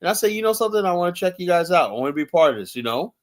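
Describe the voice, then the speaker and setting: A man's voice: high voice, big pitch swings, very fast. A man chatting casually on a podcast, telling rambling stories full of fillers and acting out what others said in a raised voice. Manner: rambling storytelling, acts out quotes in a raised voice; heavy use of fillers like "and whatnot".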